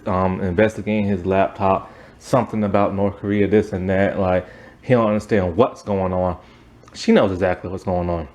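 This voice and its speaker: A man with a lowish voice reviews a TV series in a casual, animated recap, tossing off quick impressions of the characters' lines and bursting into exasperated outbursts.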